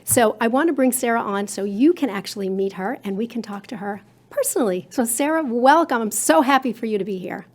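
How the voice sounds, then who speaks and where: A woman with a somewhat high voice hosts an interview podcast. She introduces her guest warmly and pays her compliments. She speaks in an effusive way. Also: lively intonation, fairly quick, hardly any pauses. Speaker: podcast host. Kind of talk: interview hosting.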